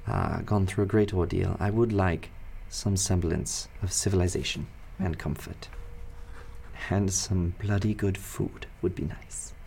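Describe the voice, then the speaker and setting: A man voicing a weary female ship captain who speaks in a tired, quiet, longing way. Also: deep voice, steady tone, unhurried, gravelly, slight background noise.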